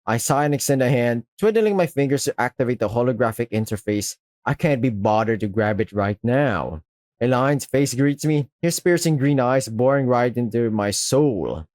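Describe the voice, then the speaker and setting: A young man reading a visual novel aloud, narrating the hero's thoughts with a wry, deadpan manner. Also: medium pitch, normal speed, no room sound, clean studio sound.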